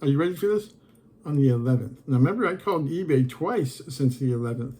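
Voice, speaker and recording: Husky, mellow-voiced man venting on a vlog. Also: mid-range voice, animated, quick pace, rough recording. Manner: exasperated, rambling, reads messages aloud. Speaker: online reseller. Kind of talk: casual vlog storytelling.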